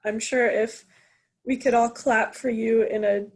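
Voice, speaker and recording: Young woman, student officer, husky voice, upbeat, video call. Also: on the high side, fairly even intonation, unhurried, a little mellow. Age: young adult.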